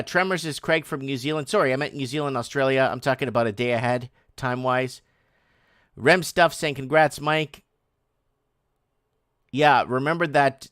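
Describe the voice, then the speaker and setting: A man's voice: medium pitch, fairly bright tone, clear, resonant tone, no echo, clean studio sound. A man hosting a casual live stream, rambling and sarcastic, reading headlines and chat messages aloud with many restarts.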